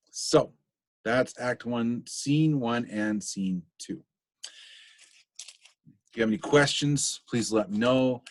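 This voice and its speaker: A man's voice: mid-range voice, no echo. A man teaching a recorded literature lesson, thinking aloud casually as he explains.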